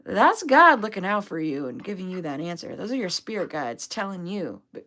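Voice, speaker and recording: A woman's voice: fairly low pitch, sing-song, fairly quick, a bit bright. A young adult woman telling a rambling, upbeat story on a casual livestream, full of fillers. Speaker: vlogger, duck owner.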